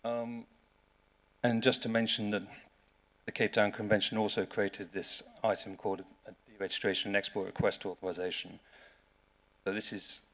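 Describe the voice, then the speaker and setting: A man's voice: fairly low pitch, flat delivery, normal speed, fairly bright tone. A man with an English accent giving a conference talk in a dry, wry way, often restarting his sentences. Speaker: lawyer giving a seminar talk. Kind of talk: conference presentation.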